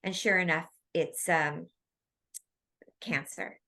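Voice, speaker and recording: A woman guest in an interview, telling long stories in a rambling, animated way. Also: lowish voice, takes it slowly, vocal fry. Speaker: guest, medical intuitive medium. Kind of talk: casual storytelling interview.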